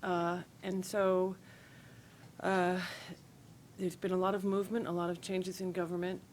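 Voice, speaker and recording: A woman's voice: fairly low pitch, flat delivery, a little slow, darkish tone, a little hiss or hum. A woman panelist answering carefully and hesitantly, with many fillers.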